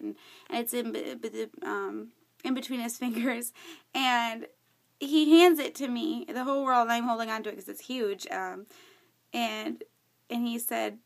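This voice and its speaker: A woman's voice: a little high, creaky, a bit bright. Earnest young woman sharing a testimony. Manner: earnest and halting, many fillers and restarts, laughs often. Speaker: youth worker. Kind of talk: personal testimony to camera.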